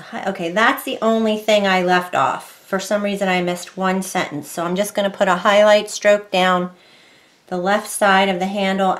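Chatty woman teaching craft painting. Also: lowish voice. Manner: chatty, rambling, muttering softly while concentrating. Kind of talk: casual painting tutorial. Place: home craft desk.

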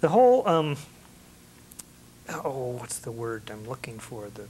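A man's voice: mid-range voice, big pitch swings, unhurried, a little mellow, a little hiss or hum. A man interviewing a musician, asking curious questions and giving short affirmations. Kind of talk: casual interview.

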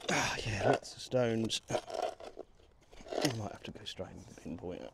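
A man with a Midlands accent, out of breath, chatting excitedly to the camera outdoors while metal detecting in a field. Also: on the low side, moderate pace, very noisy. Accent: English Midlands. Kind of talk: casual outdoor commentary.

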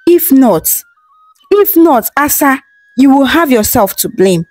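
A woman's voice: lively intonation, unhurried, dark tone, dry recording, soft background music. A woman voicing a grieving, furious middle-aged queen mother who wails and accuses. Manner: accusing, shrill, wailing.

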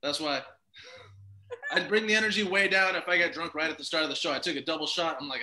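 A man's voice: a little high, fast, pushed and bright, a little hiss or hum, rough recording. A man doing a rambling stand-up set over a video call, laid-back and self-mocking, swearing freely and a bit drunk.

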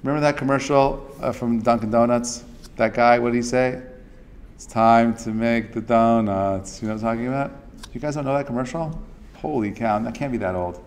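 A man's voice: mid-range voice, fast talker. Chatty man teaching a class. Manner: chatty, many fillers and restarts, acts out quotes. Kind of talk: casual interactive class talk.

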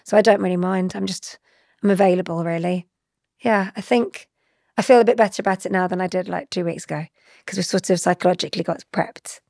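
A chatty woman in her forties with a gravelly, fry-tinged voice. She talks animatedly and laughs easily. She is recorded close on a dry studio mic. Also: on the low side, steady tone, a little fast, a little mellow, dry recording. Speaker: guest. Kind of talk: conversational interview.

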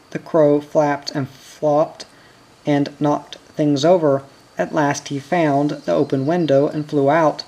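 A reader calmly reading a children's novel aloud in measured storytelling. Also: mid-range voice, poor audio. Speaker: audiobook reader.

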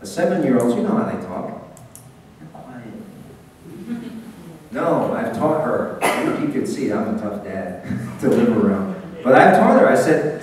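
A man's voice: medium pitch, a little slow, pauses often. Man projecting to an echoey hall. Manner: animated, projecting, talks straight to the audience. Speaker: business speaker. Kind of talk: live seminar talk. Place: seminar hall. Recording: echoey hall, taped from far off.

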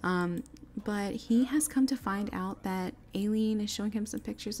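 A woman's voice: mid-range voice, moderate pace, a little mellow. A young woman casually narrating her life-sim game play, chatty and often laughing. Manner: chatty, giggly, bubbly.

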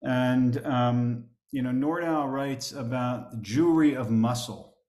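A man's voice: mid-range voice, slow, a little mellow. A man teaching a history class as a rabbi, speaking with many fillers and restarts and reading quoted texts aloud with more emphasis. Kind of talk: lecture with slides. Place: synagogue classroom. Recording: roomy echo.

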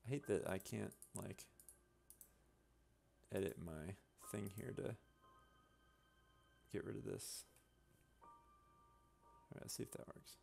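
A man's voice: on the low side, takes it slowly, gravelly, pauses often, slight background noise. A man casually talking through his digital painting steps in a live-stream tutorial, thinking aloud as he works. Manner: relaxed, thinking aloud while working. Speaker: artist giving a tutorial.

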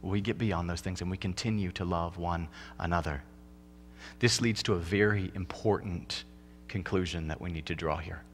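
Preaching in a church, a man gives a lively sermon that moves from loud emphasis to low, quiet moments, and he plays out couples' dialogue in rapid comic voices. There is slight background noise.

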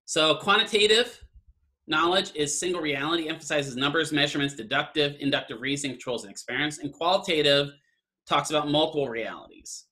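A man's voice: fairly high pitch, brisk, bright, forceful tone. A man lecturing an online class in a casual, conversational way, often checking in with "right?". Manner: conversational, keeps asking "right?".

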